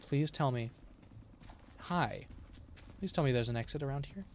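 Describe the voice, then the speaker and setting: A man's voice: mid-range voice, normal speed, a little hiss or hum. A man streaming a horror game, commenting live, yelping when startled and muttering to himself in between. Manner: excitable, yelps and shouts when startled, then mutters quietly. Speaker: gaming streamer.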